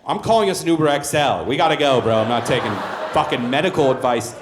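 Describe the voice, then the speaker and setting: A man's voice: medium pitch, lively intonation, fast talker, noisy background. A male stand-up comedian performing a brash, profane, self-mocking set on a comedy club stage. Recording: roomy comedy club sound.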